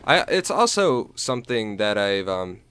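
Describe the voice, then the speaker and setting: A man's voice: fairly low pitch, very animated, measured pace, a bit bright, clear, resonant tone, no room sound. A young American man chatting loosely over gameplay, rambling with lots of fillers and restarts. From United States. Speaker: gaming YouTuber. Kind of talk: casual gameplay commentary.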